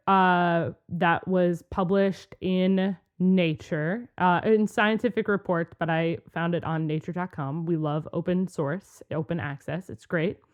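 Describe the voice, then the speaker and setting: A woman co-hosting a podcast, chatting casually and explaining with a lively, laughing manner. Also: medium pitch, highs cut off. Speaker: podcast co-host. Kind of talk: casual chat.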